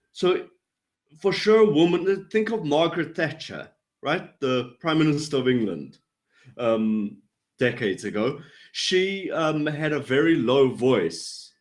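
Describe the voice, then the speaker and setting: A man who trains people in body language, explaining his points in an animated way over a video call and acting out rising and falling intonation. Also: mid-range voice. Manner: animated, demonstrates vocal inflection up and down. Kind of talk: explanatory interview talk.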